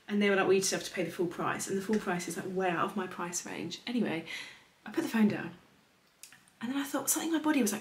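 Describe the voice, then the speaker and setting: A woman's voice: mid-range voice, fairly quick. A young woman in her twenties, talking in a rambling, confiding way as she vlogs her day. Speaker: lifestyle vlogger. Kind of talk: chatty vlog narration. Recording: echoey room, faint noise.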